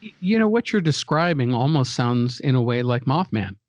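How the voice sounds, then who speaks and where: A male guest on a podcast who talks in a relaxed, casual way and hesitates often. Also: mid-range voice, normal speed, a little hiss or hum. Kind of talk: casual conversation.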